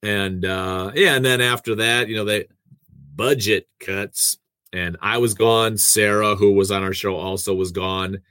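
A man's voice: lowish voice, fairly even intonation, a little slow, sharp tone, no room sound. A man in casual conversation, telling the story of his career as a radio host and producer with self-deprecating asides.

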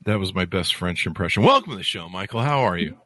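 A man's voice: deep voice, animated, quick pace, bright, forceful tone, dry recording. A man hosting an interview podcast, upbeat and jokey, rambling through plugs and asides. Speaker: podcast host.

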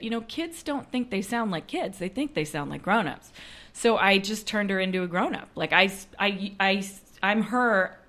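A woman's voice: medium pitch, a bit bright. A woman who performs as a storyteller, chatting casually about her show and acting out quoted lines with animation. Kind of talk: casual conversation.

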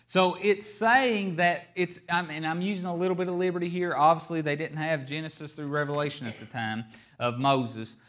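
A man preaching a sermon, stressing key words and shifting his pace and loudness for emphasis. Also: on the high side. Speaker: pastor.

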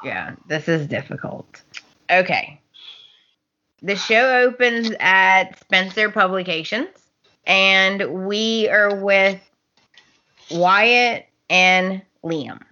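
Woman podcast co-host, unhurried, bright tone, lo-fi sound, animated recapper. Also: mid-range voice. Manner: animated storyteller, acts out characters' lines, laughs often. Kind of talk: casual chat recapping a soap opera.

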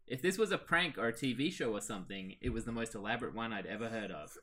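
Man, story reader, animated delivery, bright voice. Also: medium pitch, quick pace. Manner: lively, animated read. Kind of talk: reading a story aloud with friends.

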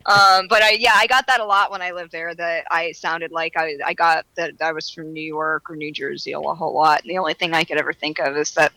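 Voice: medium pitch, little pitch movement, a little fast, hardly any pauses, sharp tone, no room sound, poor audio. A guest on a podcast chatting casually, rambling and correcting themself as they talk. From Florida. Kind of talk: casual interview chat.

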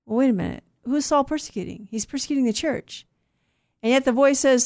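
A woman's voice: a little high, brisk, a little mellow. A woman teaching scripture to a group in a conversational way, often asking them questions. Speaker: Bible teacher.

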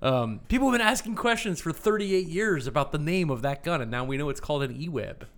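A man's voice: on the high side, lively intonation, a little fast, fairly bright tone. Playful nerdy man co-hosting a podcast. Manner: playful, nerdy, asks quiz-style questions. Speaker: podcast co-host. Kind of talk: casual podcast chat.

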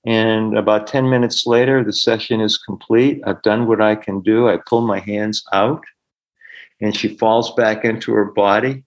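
A middle-aged healer, guesting on a podcast, tells stories in an interview with an earnest manner, voicing the people he quotes. His voice is lowish and level in tone, and he moves at a moderate pace. The audio is poor.

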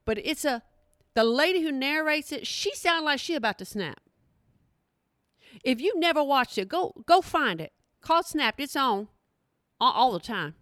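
A woman on her own podcast, chatting to listeners in a lively, folksy way. Her voice sits a bit high and sounds close and dry. She talks loosely, with plenty of slang. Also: dry recording. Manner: chatty, animated, folksy with colloquial southern-style slang. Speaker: podcast host. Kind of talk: casual podcast monologue.

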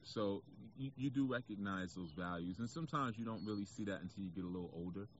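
A man's voice: on the low side, fast talker, lo-fi sound, slight background noise. A man with a New York accent giving a casual spiritual talk to camera outdoors, reflective and preachy, with frequent fillers. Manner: reflective, preachy, conversational, with frequent "you know". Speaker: spiritual speaker.

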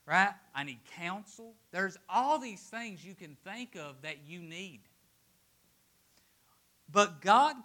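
With a high-pitched voice, a man preaches to his congregation, moving back and forth between forceful, emphatic declarations and quiet, hushed asides.

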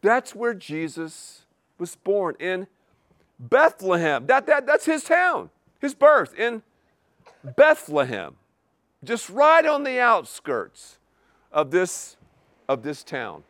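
A male pastor delivers his sermon in a high, very expressive voice that rises and falls dramatically. He hammers single words over and over and fires rhetorical questions at the congregation, sometimes stumbling over his own words as he speeds up. The sound is dry and close. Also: takes it slowly, dry recording. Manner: animated, repetitive emphatic preaching with rhetorical questions.

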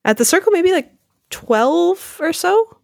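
A woman with a very high voice and vocal fry appears as a guest on a podcast, chatting in a rapid, animated way with plenty of "like" between words. The casual conversational interview has clean studio sound with no echo.

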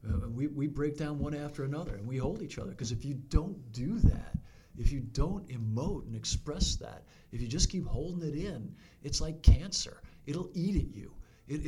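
A man's voice: a little high, a little mellow, a little hiss or hum. A man who serves as a fire chief, speaking reflectively as a podcast guest and often restarting his words. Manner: reflective, halting, with many restarts. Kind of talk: casual podcast conversation.

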